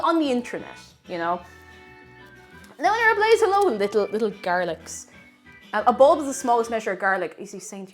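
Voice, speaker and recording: A young woman with a Tipperary Irish accent talks through a cooking stream, greeting viewers and laughing as she goes. Her voice sits a little high and swings widely in pitch. Faint music plays behind her. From Tipperary, Ireland. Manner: chatty, giggly, greets chat warmly. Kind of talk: casual cooking stream chat.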